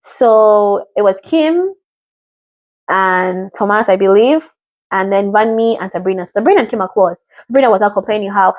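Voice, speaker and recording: A woman's voice: mid-range voice, moderate pace, darkish tone, no room sound. Chatty rambling woman from Africa. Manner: rambling, chatty, often mimics what others said. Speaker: reality show reactor. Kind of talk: casual chat.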